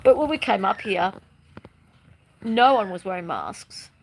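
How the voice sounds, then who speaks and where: A woman's voice: mid-range voice, big pitch swings, unhurried, a little hiss or hum, rough recording. A woman talking casually to the camera in a bubbly, chatty way, with playful sing-song bursts. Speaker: spiritual vlogger. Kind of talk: casual monologue.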